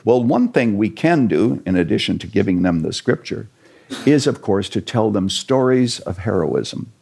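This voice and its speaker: A man telling a church history story to an interviewer, earnest and animated, with a few jokes. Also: mid-range voice, normal speed, gravelly. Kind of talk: storytelling lecture in conversation.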